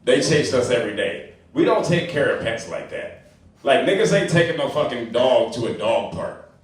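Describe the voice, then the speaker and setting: A man performing stand-up comedy at an open mic, his delivery loose and profane and full of asides to the crowd. His pitch swings widely as he talks. The sound comes from a distant mic in a very echoey club. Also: animated, moderate pace.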